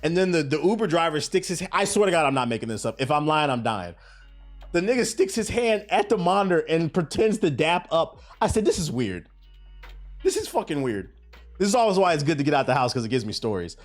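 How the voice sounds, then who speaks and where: A man hosting a casual gaming news show, telling stories in a profane, animated way. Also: a little high, quick pace, faint music behind.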